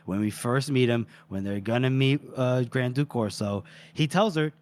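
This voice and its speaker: A man co-hosting a podcast, retelling a book's scene in an animated, chatty way and swearing freely. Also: medium pitch, normal speed, few pauses. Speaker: podcast co-host. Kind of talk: casual book-discussion retelling.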